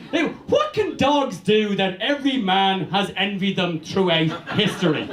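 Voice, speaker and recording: A man doing a crude, rambling stand-up comedy set on a club stage. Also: extremely high pitch. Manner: crude, rambling, animated with mock voices. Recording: echoey club room.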